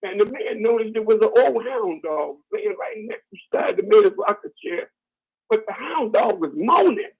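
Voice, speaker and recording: A man hosting a call-in radio talk show, telling folksy stories and building to shouted preaching. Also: high voice, sing-song, moderate pace, husky, narrow, tinny audio.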